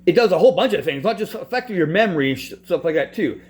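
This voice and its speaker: A man's voice: sits high, lively intonation, very fast. A man telling his own story in a frustrated, profane rant, often restarting his sentences. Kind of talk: angry personal rant.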